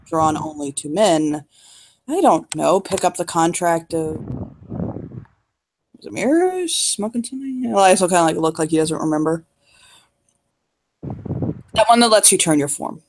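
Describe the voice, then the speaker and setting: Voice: medium pitch, animated, unhurried, long pauses, a little hiss or hum. Player voicing a teasing man, playful, affectionate, improvised role-play.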